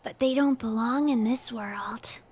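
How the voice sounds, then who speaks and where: A woman voicing a creepy, eerily calm little boy in a breathy whispered role-play. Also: fairly high pitch, measured pace, slight background noise, close to an everyday voice. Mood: eerie.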